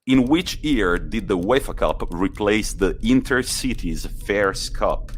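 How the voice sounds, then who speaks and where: A man's voice: lowish voice, animated, slow pace. A man with an Italian accent, a native Italian speaker co-hosting a casual podcast, teasing and laughing often, with some slips in his English. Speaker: podcast co-host.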